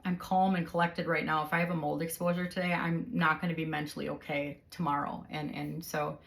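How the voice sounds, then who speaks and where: A woman's voice: deep voice, flat delivery, fairly quick, creaky. A woman in her forties hosting a conversation with her husband, explaining things casually with vivid everyday examples. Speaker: host interviewing her husband.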